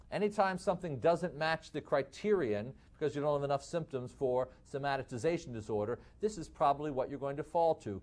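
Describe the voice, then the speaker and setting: A man with a Midwestern accent giving a lively lecture, asking the class rhetorical questions and calling them folks. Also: on the high side. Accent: Midwestern American. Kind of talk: recorded lecture to medical students.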